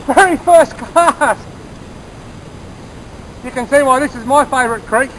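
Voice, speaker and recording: A man with a strikingly high voice, talking casually and eagerly as he fishes outdoors by a creek. He explains his tackle and gives tips in a chatty, friendly way. A faint background hiss runs under his voice. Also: a little slow, low-quality recording. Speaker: fishing vlogger.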